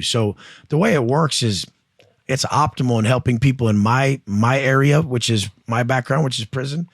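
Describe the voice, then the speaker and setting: A man's voice: mid-range voice, dry recording, clean studio sound. A man coaching and telling stories on a podcast, blunt and profane, acting out other people's voices as he goes. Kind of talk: casual podcast conversation.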